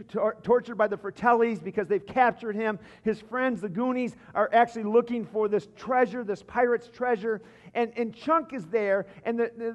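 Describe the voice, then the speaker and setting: A high-voiced man preaches a sermon, telling his stories in bursts and often restarting his phrases. His voice rings out through a church sanctuary with a long, lingering reverb. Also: lo-fi sound. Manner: storytelling with frequent restarts. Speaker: pastor.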